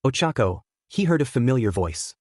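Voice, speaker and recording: Lively male fan fiction narrator. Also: medium pitch, a little fast, no room sound, clean studio sound. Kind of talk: reading fan fiction aloud.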